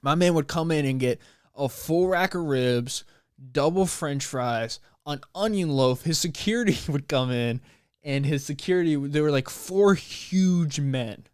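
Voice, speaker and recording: Young guy hosting his podcast solo, rambly and animated, slangy, dry sound. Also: on the high side, unhurried, smooth, no echo. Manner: rambling, animated, slangy, with playful put-on voices. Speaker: podcast host. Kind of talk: casual solo podcast monologue.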